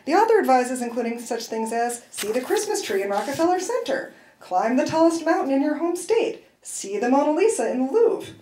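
A woman's voice: high-pitched, very animated, a little fast, hardly any pauses, mellow, roomy sound, slight background noise, rough recording. A woman author reading aloud from her novel at a university event, in a wry first-person voice with brief asides.

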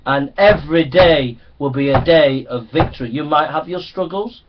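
High-voiced emphatic male preacher. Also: moderate pace, background noise. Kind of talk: sermon. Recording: dull lo-fi recording.

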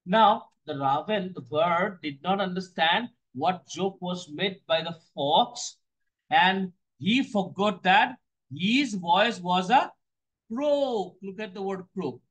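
High-pitched, slow teacher. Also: male voice, lively intonation, fairly bright tone, rough recording. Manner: explains slowly, repeats phrases, asks and answers his own questions. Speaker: English teacher. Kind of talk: line-by-line poem explanation.

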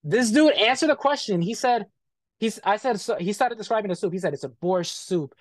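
A man's voice: sits high, lively intonation, brisk, no room sound, studio quality. A man being interviewed, bluntly retelling a bad experience in casual, profane talk full of quoted back-and-forth.

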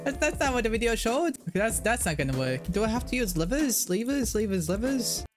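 Goofy excitable guy narrating his gameplay, beeps and silly noises, soft music behind. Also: high voice, brisk. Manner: excitable, thinks aloud, makes silly sound effects. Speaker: Minecraft video creator. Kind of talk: playful game commentary.

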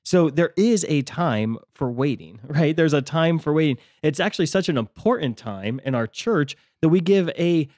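A man's voice: on the high side, lively intonation, normal speed, few pauses, darkish tone, no echo. Reflective man sharing faith thoughts. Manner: reflective, many fillers and restarts. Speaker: podcast co-host, ministry leader. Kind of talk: casual faith discussion.

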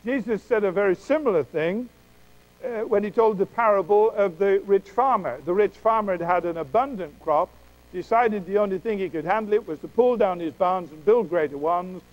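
A man preaching a sermon emphatically, with dramatic pauses, acting out quoted voices. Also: sits high, lo-fi sound.

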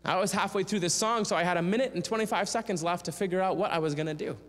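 Man telling an animated story in an echoing church. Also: high-pitched, very fast. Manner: animated storyteller who acts out quoted voices. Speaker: guest speaker and singer. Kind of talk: storytelling sermon. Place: church sanctuary. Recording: long church reverb.

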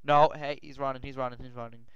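A male gaming host giving rambling gameplay commentary, often yelling and swearing in panic. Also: medium pitch, fast talker, clean tone, no echo. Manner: rambling, excitable, yells and swears when panicked. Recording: dull lo-fi mic.

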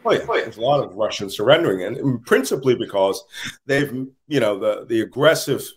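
A tired man talking as an interview guest, telling stories in an animated way and laughing now and then, heard over a remote call. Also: medium pitch, a little fast. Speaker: interview guest, security analyst. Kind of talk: casual interview talk.

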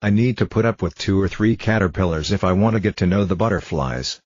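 A man voicing a proud, fragile female flower, reading her lines calmly with little change of voice. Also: deep voice, fairly quick, no echo. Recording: dull lo-fi dry recording.

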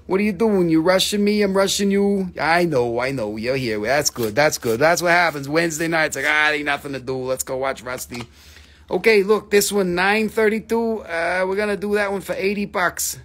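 A man's voice: on the high side, normal speed, a bit bright. A man hosting a live mineral sale in casual, joking patter, teasing his viewers and swearing now and then.

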